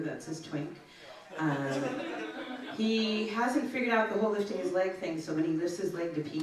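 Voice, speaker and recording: A woman's voice: deep voice, background noise. A woman stand-up comedian telling chatty stories and bantering with the audience, recorded on a comedy club stage. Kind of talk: stand-up set with crowd work. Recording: echoey club, distant mic, audience laughter.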